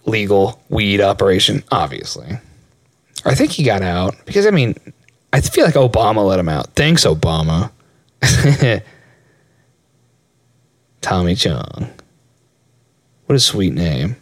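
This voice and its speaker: A man's voice: deep voice, big pitch swings, slow, long pauses, no room sound, studio quality. A young man co-hosting a podcast in casual chat, rambling, laughing often and swearing freely. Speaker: podcast co-host.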